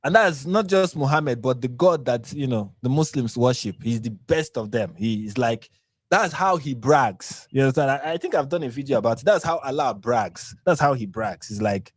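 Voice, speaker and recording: A Nigerian man with a Nigerian accent and a medium-pitched, animated voice hosts his channel at a moderate pace. He delivers sarcastic, mocking live commentary on posts, rambling through restarts and repeats. There's no echo.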